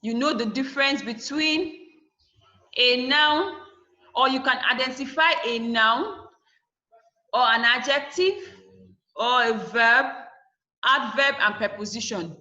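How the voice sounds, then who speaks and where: Bright-voiced woman teacher quizzing a class. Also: on the high side, slow pace, pauses often, echoey room, muffled recording. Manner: asks rhetorical "what?" questions and answers them; repeats points for emphasis. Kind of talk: online class lesson. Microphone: video call.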